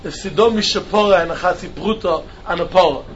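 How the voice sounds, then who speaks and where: A man giving an animated Talmud class lecture, mixing Hebrew and Yiddish terms into his English. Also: high voice, fast talker. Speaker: Talmud teacher. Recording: dull lo-fi recording with faint noise.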